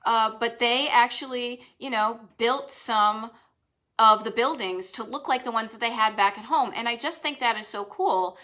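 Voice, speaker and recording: Bright-voiced chatty woman with a Boston accent. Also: fairly high pitch. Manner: chatty and enthusiastic, rambling with asides. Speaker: host of a retro travel live stream. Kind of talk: casual live-stream chat.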